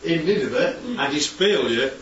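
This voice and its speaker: Through a dull, distant mic in an echoey hall, a man is heard giving a chatty sermon, firing rhetorical questions at the congregation. His voice is a little high and animated, at normal speed, with slight background noise.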